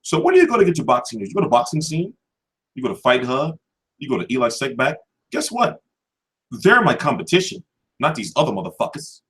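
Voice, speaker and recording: Brash, animated man ranting. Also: mid-range voice, a little fast. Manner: brash and animated, swears constantly. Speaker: boxing channel host. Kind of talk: profane rant to camera.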